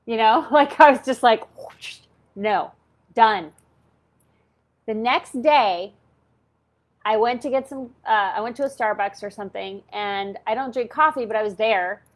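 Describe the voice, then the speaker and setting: A woman in her fifties with a slightly high voice, speaking at normal speed, hosts a channel and tells a story about herself. Her style is chatty and open, peppered with "like" and "okay?".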